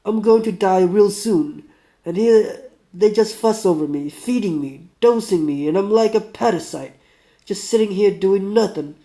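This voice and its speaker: A man voicing a bitter, sickly male metalworker under forty in a put-on Russian accent, loud and snappish. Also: high-pitched, a little slow, voice pushed up. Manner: snappish, raised, belligerent.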